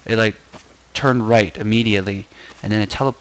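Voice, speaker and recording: A man's voice: lowish voice, steady tone, fairly quick, poor audio. A young man casually commenting while playing a game, playful and giddy, often singing and muttering to himself. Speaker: gaming video host.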